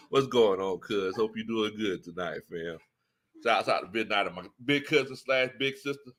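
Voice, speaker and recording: A man's voice: on the low side, big pitch swings, unhurried, a bit bright. A man hosting a casual sports talk stream, laughing often and greeting viewers by name. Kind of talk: casual live-stream chat.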